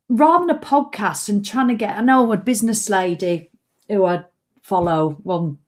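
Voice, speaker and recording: A woman's voice: medium pitch, darkish tone. A middle-aged woman, rambling and self-mocking in a fitness vlog. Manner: rambling, self-mocking, breaks into sung jingles. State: hiccups. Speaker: fitness vlogger. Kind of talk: chatty live video.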